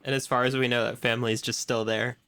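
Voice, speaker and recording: A man's voice: mid-range voice, level tone, quick pace, a bit bright, clean tone. A man co-hosting a podcast in casual chat, with dry, wry asides as he recounts a work story. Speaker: podcast co-host.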